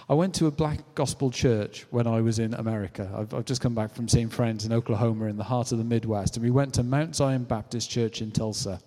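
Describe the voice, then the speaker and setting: A British man preaches in a relaxed, conversational way, slipping into little acted-out voices as he tells his stories. His tone is mellow and dark, and the sound rings with the long echo of a large hall. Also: mid-range voice, fairly quick, hardly any pauses. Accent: British English. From Britain. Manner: conversational, animated storytelling with acted-out quotes. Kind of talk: sermon.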